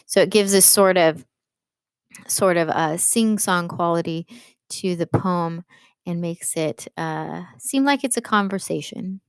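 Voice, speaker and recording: Brief: female English teacher, patient explainer, low-pitched and resonant, dry close sound. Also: clean tone, no echo. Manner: patient, explanatory, with frequent fillers. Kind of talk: classroom lecture.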